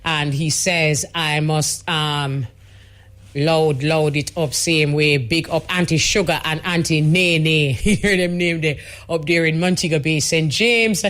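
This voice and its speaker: A woman's voice: deep voice, fairly even intonation, a little slow, fairly bright tone. A woman with a Jamaican accent hosting a radio show, reading out listener messages in a chatty, easygoing way. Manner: chatty, easygoing, with patois greetings. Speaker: radio host. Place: radio studio.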